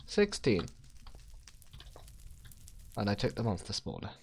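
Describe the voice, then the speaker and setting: Rambling man with a lively voice. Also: on the low side, slow, creaky, a little hiss or hum. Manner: rambling, self-mocking, swears freely. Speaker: gaming video host. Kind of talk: casual game commentary.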